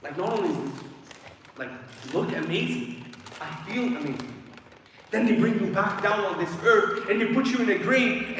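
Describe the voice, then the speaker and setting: A young man giving a dramatic guest lecture, impassioned, swinging between shouts and hushed tones. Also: high-pitched, expressive, moderate pace, a little hiss or hum. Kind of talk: dramatic sermon talk. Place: large hall of an Islamic centre. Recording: echoey hall, voice far from mic.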